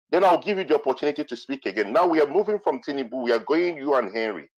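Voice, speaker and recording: A man moderating a heated online debate, repeatedly stepping in and pleading with the speakers to calm down. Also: mid-range voice, fast, few pauses, no room sound. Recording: dull lo-fi online audio.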